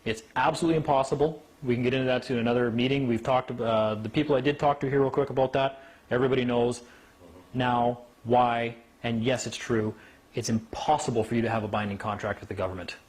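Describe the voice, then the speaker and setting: A man giving an informal talk to a small group, animated, acting out the people he quotes and often asking "right?". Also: mid-range voice, fast talker. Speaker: speaker at a meeting.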